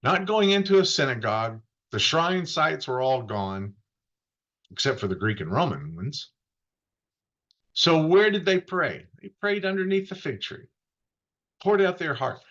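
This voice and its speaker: A man preaching in a relaxed, conversational way, his pitch swinging up and down as he tells the story and slips into the voices of the people in it. The recording sounds dull and muffled. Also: a little slow, pauses often. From Florida. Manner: lively storytelling, acting out quoted voices. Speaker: pastor. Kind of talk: conversational sermon.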